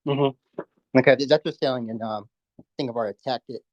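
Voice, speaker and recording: A man's voice: medium pitch, normal speed, no room sound, muffled recording. A young man in a casual online debate, insistent and at times mumbling.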